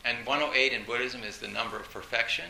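A man with a gravelly, very bright and sharp voice gives an animated storytelling dharma talk, laughing often and leaning on fillers. The recording has a roomy echo. A faint hiss sits under it. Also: medium pitch, fast.

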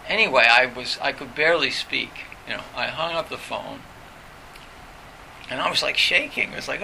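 A man's voice: mid-range voice, lively intonation, moderate pace, creaky, sharp tone, slight background noise, poor audio. A middle-aged man, a professor, candidly recalling his own past in a reflective, conversational way. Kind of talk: personal recollection in conversation.

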